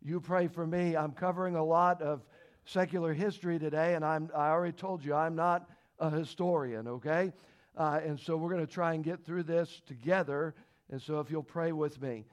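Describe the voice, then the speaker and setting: A man's voice: fairly even intonation, brisk. Emphatic man teaching a Bible lesson. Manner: emphatic, rises in pitch and volume when stressing points; folksy, with frequent fillers and rhetorical questions. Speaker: Sunday school teacher.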